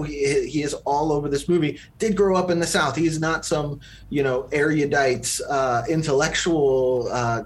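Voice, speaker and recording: A man co-hosting a podcast, talking through a film in a rambling, casual way that is full of fillers and restarts. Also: mid-range voice. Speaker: podcast co-host. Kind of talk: casual movie review chat.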